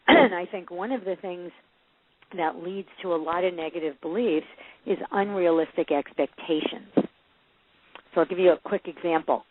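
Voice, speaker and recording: A woman's voice: fairly low pitch, moderate pace, crowd noise. A woman being interviewed as a parenting coach, telling stories with lots of laughs and acting out the voices of the people in them. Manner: lively storyteller who acts out quoted voices and laughs often. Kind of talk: casual interview chat. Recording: phone-line audio.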